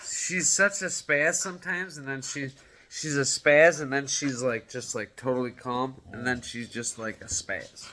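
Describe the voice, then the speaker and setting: A man's voice: mid-range voice, measured pace, pushed and bright, slight background noise. A man chatting casually at home in his living room, showing off his dogs and cooing at them in baby talk. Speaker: dog owner. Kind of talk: casual home video talking to pets.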